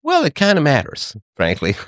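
A middle-aged man hosting a livestream, talking to his chat in a sarcastic, animated monologue. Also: moderate pace, dry recording, studio quality. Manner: animated, sarcastic, mimics others in higher voices. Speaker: livestream host. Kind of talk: casual monologue to live chat.

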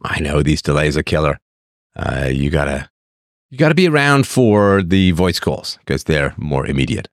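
Animated opinionated man on a livestream. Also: moderate pace, no echo, clean studio sound. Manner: opinionated, repeats points, rhetorical questions; animated delivery with lively pitch swings. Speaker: livestream host. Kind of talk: live-stream commentary, reading chat.

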